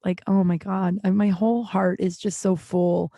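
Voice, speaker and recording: A woman hosts her solo podcast in a loose, rambling way, packing her stories with "like" and cheerful swearing. Her voice sits at an ordinary middle pitch. The recording is close and dry, with no room echo. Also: level tone, moderate pace, creaky, mellow. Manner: rambling storytelling, heavy use of "like", frequent swearing. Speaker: podcast host. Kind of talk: casual solo podcast chat.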